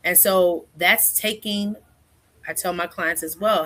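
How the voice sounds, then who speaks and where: A woman in her forties speaks as a counselor and guest in a relaxed conversation. Her voice sits a little low. She talks freely and keeps tagging her points with "right?". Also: slow pace. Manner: chatty, keeps asking "right?", acts out quoted speech. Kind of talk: casual conversational interview.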